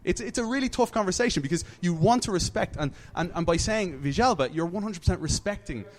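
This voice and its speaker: Irish-born man, lively panel talk. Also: high voice, fast talker. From Ireland. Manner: animated, repeats words while working out a point. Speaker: soccer broadcaster. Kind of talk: casual panel discussion. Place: brewery, recorded live.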